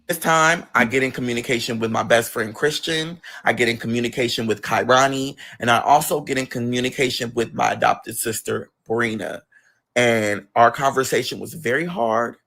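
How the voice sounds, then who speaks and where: Bright-voiced man telling a raw story. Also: moderate pace, gravelly. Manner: emphatic and profane, with sudden high-pitched outbursts. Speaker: guest telling his life story on a livestream. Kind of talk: emotional personal storytelling.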